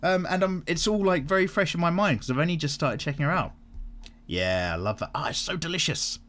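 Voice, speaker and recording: A man hosting a casual art vlog, chatting and answering viewer comments in an animated way, swearing freely as he goes. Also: on the high side, fairly quick. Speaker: art channel host.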